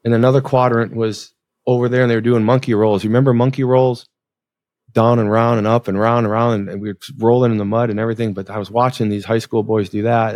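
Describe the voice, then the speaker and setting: Animated man telling a story, dry sound. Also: dry recording. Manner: animated storyteller, voice rising high in dramatic retelling. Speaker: guest. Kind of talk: storytelling interview.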